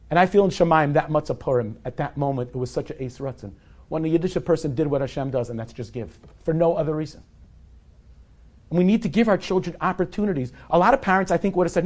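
A man's voice: a little high, fast talker, a little mellow. A man in his forties telling a personal story to a live audience in a candid, conversational, self-deprecating way. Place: event hall with a live audience.

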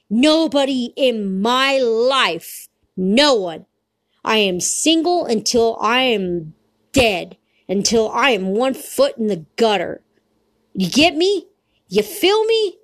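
A woman delivering an angry, blunt, profane personal rant as a solo podcaster. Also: fairly high pitch.

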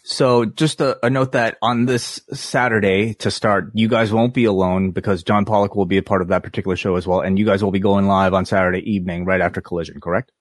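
Man, very deep voice, hesitant, filler-heavy, dry close recording. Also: fairly even intonation, brisk, few pauses, dry recording. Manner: hesitant, many "um" and "you know" fillers. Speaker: podcast co-host. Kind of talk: casual podcast chat.

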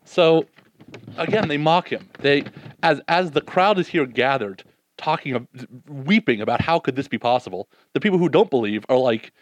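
Guy giving a sermon, acts out the disciples, goes quiet and slow for the reflective bits, dry sound. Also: on the high side, dry recording. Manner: animated, voices the disciples' doubts, drops soft and slow for reflection. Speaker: preacher.

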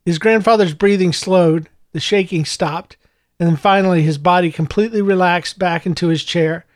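A man reading a children's novel aloud in steady storytelling narration. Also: high voice, moderate pace, no echo, clean studio sound. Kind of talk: audiobook narration.

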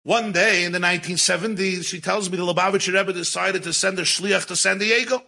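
Guy telling a long story w/ words mixed in, bright and kinda husky. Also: high-pitched, brisk, poor audio. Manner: animated, mixes Yiddish and Hebrew words into English. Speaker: rabbi and storyteller. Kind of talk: storytelling talk.

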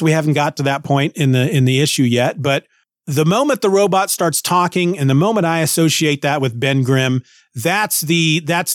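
A man's voice: fairly high pitch, no room sound, clean studio sound. Rambling male comic podcast host. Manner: rambling, many restarts. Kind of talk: casual comic book recap.

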